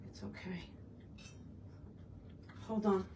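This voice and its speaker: A woman's voice: takes it slowly, recorded from a distance, background noise. Chatty woman crafting, a bit off-mic. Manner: chatty, self-talking while working with her hands. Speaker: craft video host. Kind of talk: casual crafting tutorial chat.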